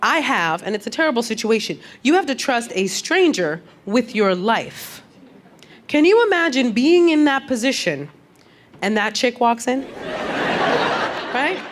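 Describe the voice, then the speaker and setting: A woman performs stand-up comedy on a club stage, her delivery animated and acted out. She swings her voice up high whenever she quotes somebody. A clear layer of room noise sits under her. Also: measured pace. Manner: animated, acts out quoted voices with big pitch jumps.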